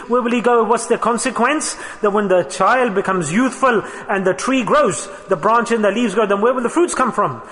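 High-voiced preacher in a reverberant hall. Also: male voice, sharp tone. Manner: emphatic, repeats phrases, mixes Arabic and Urdu terms. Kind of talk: sermon.

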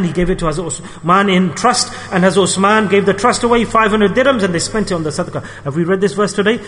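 A man preaches with urgency and emphasis, driving points home by repeating his phrases. His voice sits high and rolls fast. It carries a long reverb, as in a big hall. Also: fairly bright tone. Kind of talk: sermon.

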